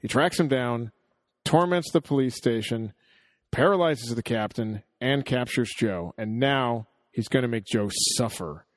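Male co-host, mid-range voice, dry sound, animated and joking storyteller. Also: mid-range voice, unhurried, no room sound. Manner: jokey, chuckling, animated storyteller. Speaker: podcast co-host. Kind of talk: casual podcast chat.

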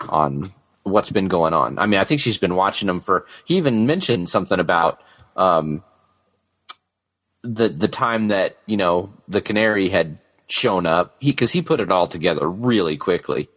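Low voiced guy rambling about a show, lots of ums, muffled lo-fi audio. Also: expressive, moderate pace, a bit bright. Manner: rambling, many fillers, laughs easily. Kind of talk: casual chat about a TV show. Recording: dull lo-fi sound.

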